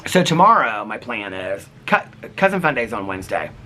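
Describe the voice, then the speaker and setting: Male vlogger, chatty and meandering, bright lively delivery, slight background hiss. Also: on the low side, normal speed. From United States. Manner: rambling, animated, lots of "like". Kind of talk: casual daily vlog chat.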